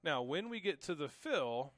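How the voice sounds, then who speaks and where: A man teaching drums in a relaxed, reassuring way, calling out strokes and counts as he plays. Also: a little high, normal speed, dry recording. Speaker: drum teacher. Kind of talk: casual instructional talk. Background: drum kit playing.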